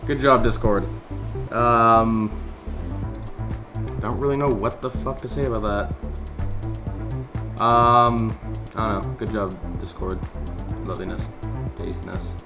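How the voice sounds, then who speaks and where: A man's voice: lowish voice, fairly even intonation, slow pace, creaky, pauses often. A young man at his desk, rambling casually about his drawing in a voice-over, with lots of fillers and casual swearing. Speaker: artist narrating his speed drawing. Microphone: desk microphone, recorded separately over the video. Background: background music.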